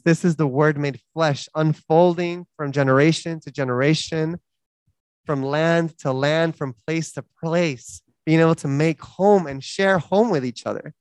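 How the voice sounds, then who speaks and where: Guy giving a sermon, kinda high voice, super smooth and clear, earnest and reflective, stacks up repeated phrases. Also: no room sound. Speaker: preacher.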